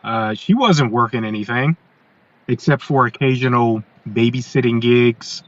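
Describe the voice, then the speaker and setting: A man telling his own story as a podcast guest. He talks in a halting conversational way, restarting and repeating words. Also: medium pitch, muffled recording.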